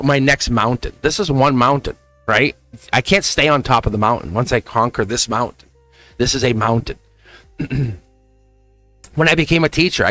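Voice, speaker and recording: The tarot reader's medium-pitched, somewhat bright voice comes through with no room sound. He hosts his livestream in a relaxed, encouraging manner and laughs often.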